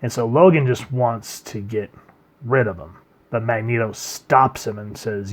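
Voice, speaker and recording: Rambling man reviewing comics. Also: measured pace. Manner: rambling, trails off quietly at line ends, reads quotes in a low murmur.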